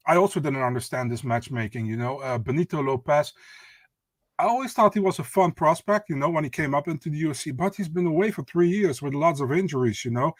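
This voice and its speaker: A man's voice: fairly high pitch, no echo. A man co-hosting a sports podcast in casual chat, often adding "you know" and "listen, man". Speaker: podcast co-host.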